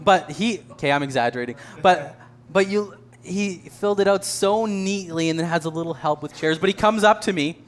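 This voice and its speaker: A man's voice: a little high, a bit bright. Earnest man leading a church service. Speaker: church leader. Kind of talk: sermon.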